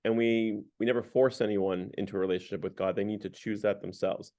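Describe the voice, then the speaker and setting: A man's voice: fairly low pitch, fairly even intonation, a little fast, mellow. A man leading a parish Lent discussion in a loose, conversational way, often saying "like" and restarting his sentences as he retells a story and draws lessons of faith from it. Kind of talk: casual spoken book discussion.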